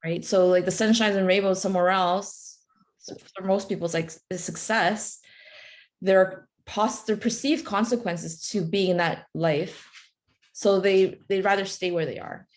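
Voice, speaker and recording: A woman's voice: medium pitch, steady tone, normal speed. A woman speaking on a webinar video call, telling stories in a casual, chatty way with many fillers. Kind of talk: casual storytelling in a motivational webinar.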